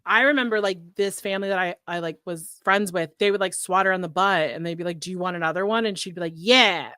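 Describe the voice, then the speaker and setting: A woman co-hosting a podcast, recapping a show in casual chat, full of "like" and quick laughs. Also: lowish voice, fairly even intonation, bright, forceful tone, clean tone, no echo, studio quality. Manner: chatty, heavy use of "like", laughs often.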